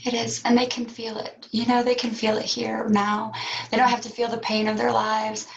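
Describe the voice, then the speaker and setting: A woman's voice: fairly high pitch, level tone, gravelly. Heartfelt woman on dull lo-fi audio. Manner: heartfelt, reflective, with fillers and pauses. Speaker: actress guest. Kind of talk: interview conversation.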